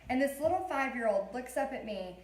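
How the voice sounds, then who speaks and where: A woman's voice: high-pitched, animated, a little fast. A woman in her thirties, an art teacher chatting and telling stories while she leads a casual live painting tutorial. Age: 30s. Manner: chatty, rambling storyteller. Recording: roomy echo.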